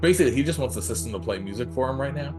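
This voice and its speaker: A man's voice: medium pitch, animated, racing, music in the background. Rambling man playing a tabletop game. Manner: rambling, with lots of "like". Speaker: player. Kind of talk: casual tabletop play.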